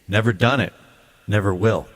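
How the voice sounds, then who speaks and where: A man's voice: lowish voice, moderate pace. A man speaking a blunt, emphatic ranting monologue to his viewer as a video creator.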